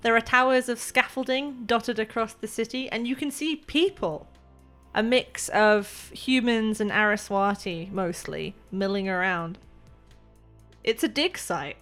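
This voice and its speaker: A woman narrating as game master in a tabletop role-playing game, describing scenes in a measured way with pauses. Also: fairly high pitch, a bit bright, soft background music.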